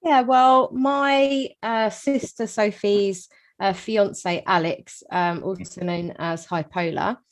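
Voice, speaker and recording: Brief: female vocalist guest, relaxed interview chat, mid register. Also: mid-range voice, takes it slowly. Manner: chatty, frequent ums. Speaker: singer, guest.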